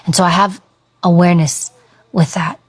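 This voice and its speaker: A woman in her thirties giving an earnest motivational talk about owning your voice, slowing down to stress her points. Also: fairly low pitch, fairly even intonation. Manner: earnest, coaching, stretches words for emphasis. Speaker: speaker on confidence and voice.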